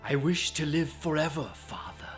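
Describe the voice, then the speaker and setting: A man voicing a smug villainous male robot leader in a mock-menacing comedy sketch with loud music underneath. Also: a little high, animated, moderate pace, natural voice. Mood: mock menace.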